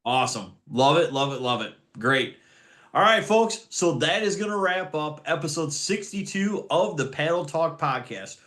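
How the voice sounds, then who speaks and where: A man's voice: on the high side, expressive, moderate pace, a bit bright. A man hosting a motorsport podcast, reading the intro, sign-off and sponsor plugs in an upbeat announcer manner. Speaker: podcast host.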